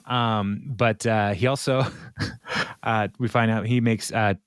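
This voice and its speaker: A man hosting a podcast, casually recapping an episode, rambling with lots of ums and uhs and quick laughs. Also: lowish voice, steady tone, smooth, no room sound, clean studio sound. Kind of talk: casual chat.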